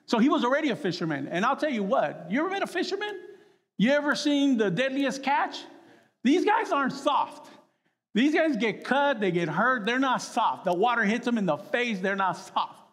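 A man preaching to a gathering of men, his voice sitting fairly high. He throws himself into acting out the quotes in his story. The sound carries a long reverb, as in a big hall. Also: normal speed. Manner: animated, acts out quotes with voice jumps. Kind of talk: sermon.

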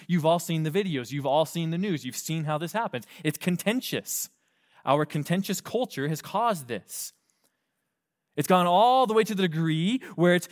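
A male pastor delivers a sermon with a slightly high voice. He preaches in an animated way, firing rhetorical questions at his listeners. He slips into short acted-out quotes along the way. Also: moderate pace.

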